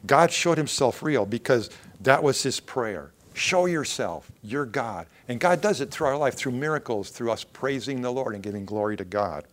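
A man preaching a sermon, reading Bible verses aloud and commenting in plain everyday words, swinging between loud emphatic lines and quiet low asides. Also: expressive, moderate pace, few pauses.

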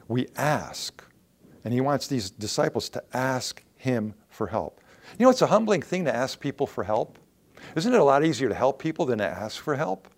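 Gravelly earnest male preacher. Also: mid-range voice. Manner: earnest, varies pace, drops to soft asides. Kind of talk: sermon.

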